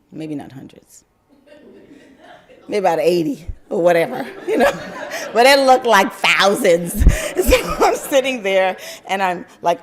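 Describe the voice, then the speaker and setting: An older woman from New York tells a personal story to an audience in an animated way, often breaking into laughter. Her voice sits slightly on the low side. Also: unhurried.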